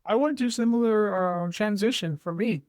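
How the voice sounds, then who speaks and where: A man's voice: high voice, moderate pace, no room sound, clean studio sound. A middle-aged man hosting a podcast, chatting casually and joking about his own parenting. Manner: relaxed, joking, chuckles through his stories. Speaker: podcast host. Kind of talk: casual chat.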